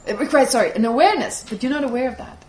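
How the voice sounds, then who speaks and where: A woman whose first language is German, teaching a Buddhist class and answering questions in a lively, explanatory way. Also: sits high, rapid-fire. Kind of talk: teaching with audience Q&A. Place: teaching hall with audience. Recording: echoey room, faint noise.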